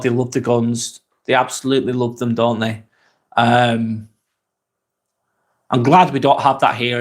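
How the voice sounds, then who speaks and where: A man hosting a casual live vlog, reading viewer comments in a relaxed, chatty way and asking lots of questions. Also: mid-range voice. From England.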